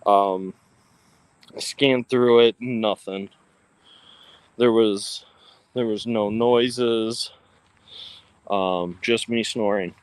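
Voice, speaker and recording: A man's voice: fairly low pitch, fairly even intonation, very slow, long pauses, clear, resonant tone, dry recording, low-quality recording. Rambling man chatting on a livestream. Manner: rambling, lots of ums and restarts. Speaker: co-host of a ghost-hunting livestream. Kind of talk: casual livestream chat. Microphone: phone.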